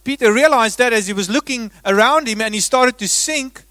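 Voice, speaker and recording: A man with a high voice preaches a sermon, rising to loud emphasis and then dropping to a near hush. His sound is dry and close, with no room around it. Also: moderate pace, no room sound. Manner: dramatic swings between loud emphasis and hushed delivery. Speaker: pastor.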